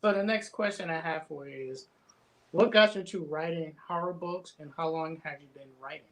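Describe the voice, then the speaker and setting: A woman hosting an interview, asking casual questions and reacting quickly in short bursts. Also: low voice, low-quality recording. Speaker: interviewer host.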